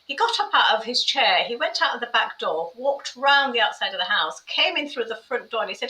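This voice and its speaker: A middle-aged woman, a carer, telling her life story in an interview, animated and quick when she describes a scene. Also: mid-range voice, recorded from a distance, slight background noise. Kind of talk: personal storytelling in conversation. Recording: roomy echo, voice a bit off-mic.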